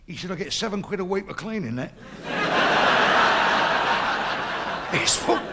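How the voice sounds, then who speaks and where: A man's voice: high-pitched, vocal fry, heavy background noise. A Cockney man doing crude, boisterous stand-up, laughing at his own jokes. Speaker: stand-up comedian. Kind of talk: bawdy stand-up joke telling.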